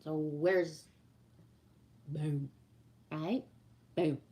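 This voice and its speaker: A woman's voice: sits low, fairly even intonation, extremely slow, dark tone. A woman hosting a casual spiritual livestream, reading viewer comments and venting bluntly, with lots of swearing and repeated "right?" tags. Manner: emphatic and profane, rhetorical "right?".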